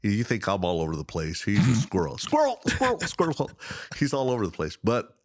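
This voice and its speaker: A middle-aged man tells stories with lots of energy. His fairly low voice jumps up into high exclamations and drops into quiet asides, and he laughs often. The sound is dry and close to the mic. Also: animated, fairly quick, dry recording. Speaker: podcast guest. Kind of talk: animated storytelling in casual chat.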